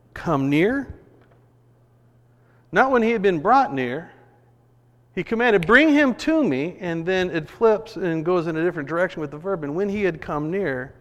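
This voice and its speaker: A man preaching a sermon, telling a story in an animated way and acting out the voices of people in it. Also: on the high side. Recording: long reverb of a large hall.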